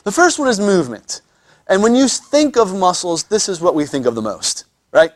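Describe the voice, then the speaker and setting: A man's voice: high-pitched, big pitch swings, normal speed, dry recording, clean studio sound. Joking man lecturing a class. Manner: joking, many restarts and repeated words. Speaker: anatomy teacher.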